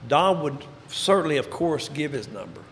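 A man giving a personal recovery testimony, telling his story and dropping into quiet, low tones for emphasis. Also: lively intonation, moderate pace, slight background noise. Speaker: recovery speaker. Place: large hall before an audience. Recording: reverberant hall, faint ambience.

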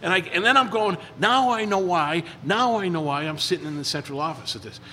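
A man with a bright, fairly high voice tells stories to a recovery group in a loose, rambling way. He stumbles over repeated words and acts out the lines of other people as he goes. His voice rings through a reverberant room with a faint hum of ambience behind it. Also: expressive, fast talker. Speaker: recovery meeting speaker. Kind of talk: casual storytelling talk.

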